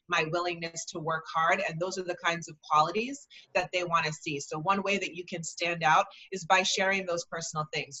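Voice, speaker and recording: Brief: woman in her thirties, slightly low voice, bright tone, encouraging career advice. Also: poor audio. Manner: earnest, encouraging, with frequent "um". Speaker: guest speaker, career advice. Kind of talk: conversational advice.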